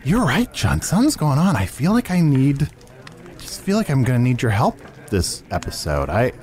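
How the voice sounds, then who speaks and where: A man's voice: medium pitch, wildly swooping pitch, normal speed, a little mellow. Playful male comedy podcast host. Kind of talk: improvised comedy chat.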